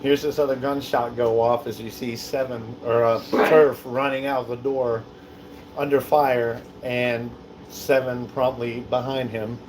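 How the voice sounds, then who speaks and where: A man running a tabletop game as dungeon master, narrating in a relaxed, rambling way with many fillers. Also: mid-range voice, measured pace, background noise.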